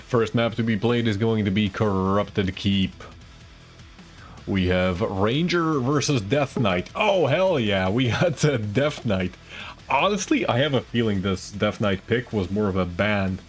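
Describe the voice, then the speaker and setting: A man's voice: fairly low pitch, expressive, measured pace, soft background music. A man doing casual live esports commentary, chatty and rambling, teasing the chat between plays.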